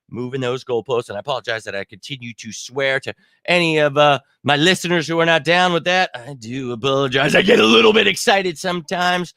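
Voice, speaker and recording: Male fan-show host, heated and profane, rambles and hollers, bright edge, dead-dry mic. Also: on the high side, expressive, fast talker, dry recording. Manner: heated, swearing, rambling, shouts out commenters. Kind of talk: live fan Q&A stream.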